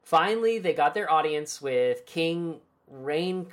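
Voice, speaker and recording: A woman's voice: extremely low pitch, lively intonation, unhurried. A woman hosting a podcast and recapping a book chapter in casual, irreverent chat, swearing and laughing easily.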